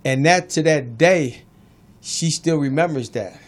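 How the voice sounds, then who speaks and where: Man, talk radio co-host, loud heated arguing, somewhat high voice, AAVE speech. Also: measured pace, a little hiss or hum. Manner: storytelling, cuts in, acts out quotes. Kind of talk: heated casual debate.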